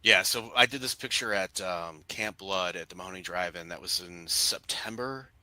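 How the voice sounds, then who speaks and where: A man's voice: low-pitched, normal speed, sharp tone, no room sound, low-quality recording. A man co-hosting a casual online watch-along, talking in a loose, rambling, tipsy way. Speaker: co-host. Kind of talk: casual chat.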